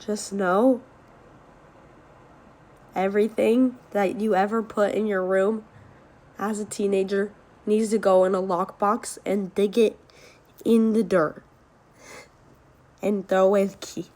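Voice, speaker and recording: An eighteen-year-old woman recounts a story in a loose, casual storytime voice. She talks quickly and swears freely, laughing between lines, and her voice jumps up into shrieks when she reenacts the panicked moments. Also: medium pitch, fairly even intonation, a little mellow.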